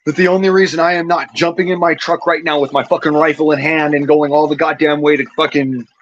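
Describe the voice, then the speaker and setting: A man's voice: fairly high pitch, level tone, fast, lo-fi sound. An injured veteran, a man who has had a couple of beers, ranting furiously and profanely into his cell phone, stammering over his restarts. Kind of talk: angry vlog rant.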